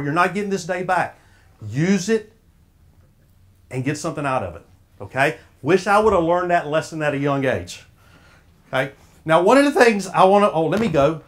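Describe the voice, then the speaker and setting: A man's voice: on the high side, heavy background noise. A man with a Southern US accent giving a folksy, preacher-like motivational talk to a room of sports officials and quizzing the audience as he goes. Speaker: speaker at an officials' association.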